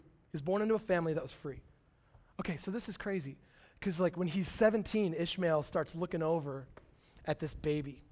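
A young man preaching a sermon in a casual, animated storytelling way, full of slang and acted-out quotes. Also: fairly high pitch. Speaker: pastor.

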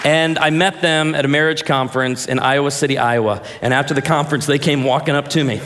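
A man in his forties preaching a sermon as a pastor, telling stories in a lively, joking way. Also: fairly high pitch, quick pace, long reverb tail, a crowd in the background, background noise. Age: 40s.

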